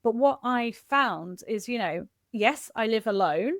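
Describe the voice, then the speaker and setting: A middle-aged woman from Kent talks openly as a podcast guest, animated and expressive as she tells her stories. Her voice sits a little high. The recording is close and dry. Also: a little slow, no room sound. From Kent, England. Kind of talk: candid conversational interview.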